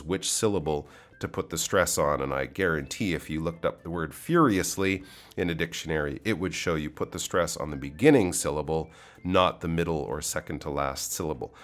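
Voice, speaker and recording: A man with a very deep, low voice teaches English pronunciation. He speaks patiently and demonstrates stress by saying words over and over. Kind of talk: explaining and giving feedback.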